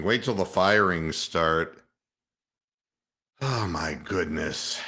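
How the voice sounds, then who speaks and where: A man's voice: deep voice, very slow, pauses often, sharp tone. A man hosting a sports talk radio show, ranting in a sarcastic, mocking way and swearing freely. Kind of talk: opinionated sports talk rant.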